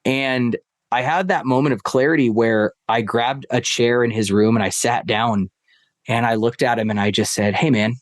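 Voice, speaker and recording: A man's voice: medium pitch, fairly even intonation, moderate pace, no room sound, clean studio sound. A man in casual storytelling, a stepfather talking about his family, rambling with many fillers. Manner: rambling, heavy on fillers like "like" and "right?". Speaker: podcast guest.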